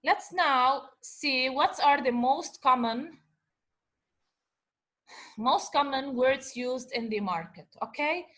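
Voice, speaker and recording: Slow, bright-voiced woman teaching Arabic. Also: high voice, lively intonation. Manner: slow, patient, sounds out syllables. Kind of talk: revision lecture.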